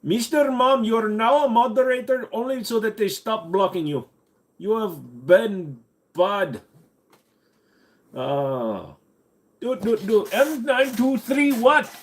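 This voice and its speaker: A man doing a high sing-song joke accent. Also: lively intonation, very slow, gravelly, hardly any pauses, a little mellow, heavily acted. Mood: playful. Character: man putting on a comic foreign accent, chatty.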